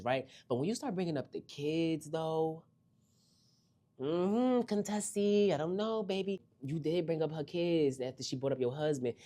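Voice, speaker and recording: A young woman casually recapping a reality TV episode, sassy and animated, swooping up high for emphasis.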